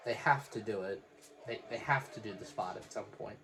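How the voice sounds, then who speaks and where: A man calling a wrestling match live with a friend, in quick, excitable play-by-play and dry jokes. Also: fairly low pitch, crowd noise. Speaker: wrestling watch-along host. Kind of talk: casual live reaction commentary.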